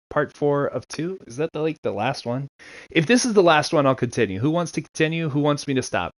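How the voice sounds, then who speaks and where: A man's voice: on the high side, animated, no echo, clean studio sound. Chatty man streaming a game. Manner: chatty, laughs often, quick asides. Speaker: let's-play streamer. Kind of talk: casual gameplay commentary. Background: game music.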